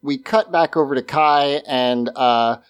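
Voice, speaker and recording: A man's voice: medium pitch, a little slow, clear, resonant tone. A man casually recapping a TV episode on a podcast, rambling and laughing often as he talks. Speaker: podcast co-host.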